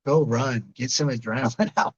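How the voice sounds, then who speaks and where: Casting note: man in his late thirties, livestream host, loose rambling chat straight to viewers, mid-pitched, muffled lo-fi audio. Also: moderate pace. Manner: rambling, talks straight to chatters by name.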